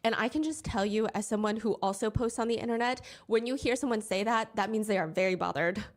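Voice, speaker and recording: A woman's voice: mid-range voice, fast. A woman narrating a storytime commentary in a conversational, wry way. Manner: reenacts quotes in a raised, mocking voice. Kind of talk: storytime commentary with quoted clips.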